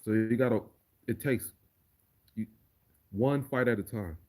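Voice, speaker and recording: Laid-back male streamer, lowish voice, loose and profane, casual Q&A delivery. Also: a little slow, darkish tone. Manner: laid-back, profane, repeats words while thinking. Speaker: livestreamer and remix producer. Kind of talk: casual livestream Q&A.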